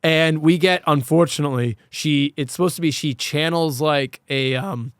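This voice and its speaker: A man's voice: on the high side, moderate pace, clear, resonant tone, dry recording, studio quality. Rambling, profane podcast host man. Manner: rambling, profane, many fillers. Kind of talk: casual podcast chat.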